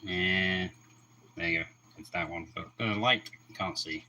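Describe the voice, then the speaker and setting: A man's voice: low-pitched, measured pace, bright, forceful tone, highs cut off, slight background noise. A man co-hosting a casual livestream about aquariums, laid-back with short replies. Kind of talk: casual chat.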